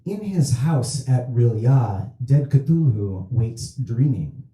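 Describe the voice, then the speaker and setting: A man voicing a calm, earnest cultist who explains his friend's madness in a grimly formal way. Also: mid-range voice, slow, heavy background noise. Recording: echoey theatre room.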